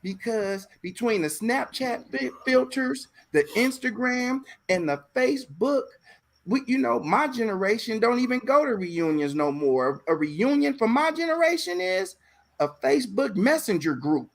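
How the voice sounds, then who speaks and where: A man hosting a casual talk show, telling stories in an animated way, repeating phrases and acting out voices. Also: extremely high pitch, unhurried, vocal fry. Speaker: podcast host. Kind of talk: casual chat.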